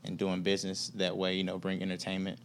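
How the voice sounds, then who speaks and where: A man's voice: deep voice, monotone, fast, a little hiss or hum. A man from Atlanta, a guest on a casual podcast, telling business stories in a laid-back, slangy way and acting out quoted dialogue. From Atlanta, USA.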